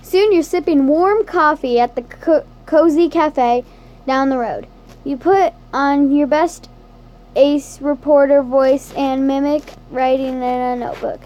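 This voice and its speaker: A woman narrating a second-person interactive story in a soft, unhurried storytelling manner. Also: high-pitched.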